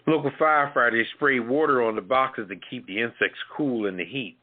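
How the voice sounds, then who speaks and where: A man's voice: medium pitch, a little fast, slight background noise. A man co-hosting a talk show, stumbling through a news item and adding blunt, profane remarks. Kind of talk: casual news reading with crude asides. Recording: tinny phone-like line.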